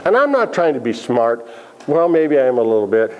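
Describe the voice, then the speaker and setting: A man's voice: mid-range voice, sing-song, a little fast, a little mellow. A man leading a Bible study class, asking the group questions and making joking asides. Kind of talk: interactive Bible lesson.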